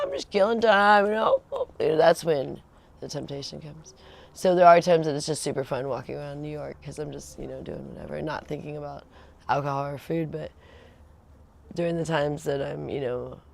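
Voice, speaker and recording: A woman with a low, gravelly, slightly mellow voice hosts a home livestream. She chats in a loose, rambling way, laughing often and impersonating the people she quotes.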